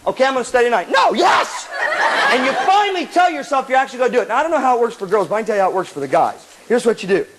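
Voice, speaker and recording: A man giving a jokey motivational seminar talk to students, animated and calling listeners "man". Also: extremely high pitch, racing, few pauses, low-quality recording. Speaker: motivational speaker. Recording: old tape with loud crowd laughter and hiss.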